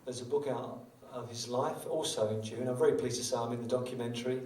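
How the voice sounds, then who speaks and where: Between tunes at a small club, an older guitarist offers self-deprecating, meandering stage banter full of jokes. He speaks quickly in a medium, somewhat dark voice with fairly even intonation, caught by a distant mic in a roomy live space alongside guitar.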